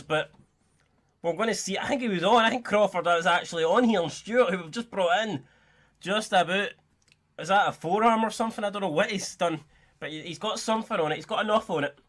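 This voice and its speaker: Young gaming host, bright, fairly high voice, lively sweary play-by-play. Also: male voice, fairly quick. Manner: excitable, sweary, jokey play-by-play. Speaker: gaming YouTuber. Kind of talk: live game commentary.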